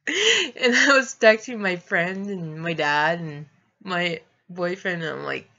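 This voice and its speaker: A woman's voice: lowish voice, animated, takes it slowly, sharp tone, muffled recording. A young adult woman vlogging, telling a personal story in a rambling, casual way and laughing through it.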